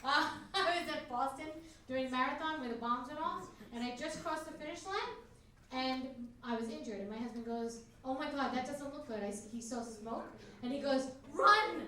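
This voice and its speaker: A woman's voice: high-pitched, brisk, a bit bright. A woman hosting a comedy club, bantering crudely and mocking herself between acts in front of a live audience. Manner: brash, crude, self-mocking banter with the crowd. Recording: echoey club, distant mic, crowd noise.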